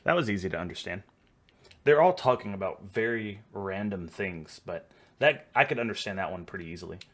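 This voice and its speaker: A man's voice: deep voice, animated, a little fast, a bit bright. A man with a Texan accent, casually reacting to video clips, chatty and often laughing. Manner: chatty, laughing, stumbling over words.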